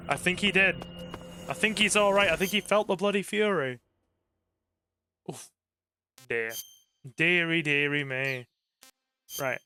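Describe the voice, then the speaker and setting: A man chatting casually to viewers while streaming a game, rambling warmly and bursting into excited cheers. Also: a little high, a little slow, long pauses, faint music behind. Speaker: gaming streamer. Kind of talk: casual live-stream chat over gameplay.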